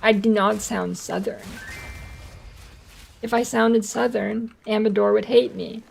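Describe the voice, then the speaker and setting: Gravelly-voiced American woman streamer. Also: mid-range voice, steady tone, unhurried, soft background music. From United States. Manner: rambling, blunt and profane. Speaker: game streamer. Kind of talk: casual gaming stream chat.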